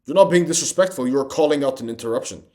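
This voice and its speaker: A man's voice: mid-range voice, lively intonation, fast, darkish tone. A young man giving a motivational self-improvement monologue, intense and emphatic, swearing and calling the listener bro.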